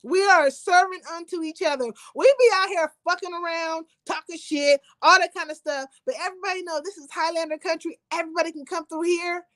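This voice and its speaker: High-pitched woman on stream going off at her chat, swearing a lot, preachy, dry close sound. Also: steady tone, a little fast, few pauses, fairly bright tone, dry recording. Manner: emphatic, profane, preachy. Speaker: livestream host. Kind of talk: impassioned livestream rant.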